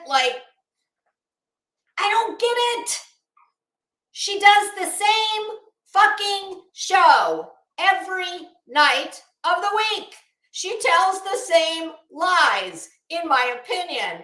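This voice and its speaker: A woman's voice: very high voice, pushed and bright, reverberant. A woman hosting a live commentary stream, rambling bluntly and sarcastically while greeting her viewers.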